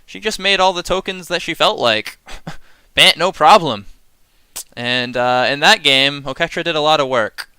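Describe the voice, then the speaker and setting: Bright, chatty male streamer. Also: a little high, moderate pace, few pauses, smooth, dry recording. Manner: chatty, laughing, sarcastic, works himself up into mock rants. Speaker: streamer reviewing card game sets. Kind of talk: casual live-stream commentary.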